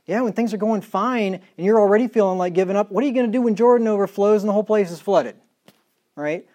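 A middle-aged male pastor preaching a sermon emphatically, reading scripture slowly and dropping into quiet asides. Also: high-pitched. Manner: emphatic preaching, reads scripture in slow measured tones, drops to quiet asides.

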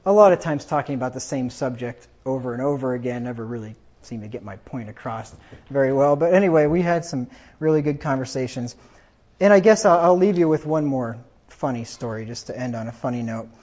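A man with a mid-range, slightly mellow voice talks a little fast, chuckling as he casually rambles through family anecdotes. The storytelling is personal and loose, captured on a dull lo-fi recording.

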